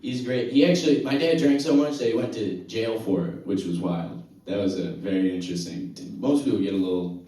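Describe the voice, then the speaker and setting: A man doing a stand-up comedy set and hosting the show, telling dry stories with sudden loud exclamations, on a handheld mic in a comedy club. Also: lowish voice, fairly quick. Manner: deadpan storytelling, bursts of loud laughing exclamations. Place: comedy club with live audience. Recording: echoey club, recorded from a distance.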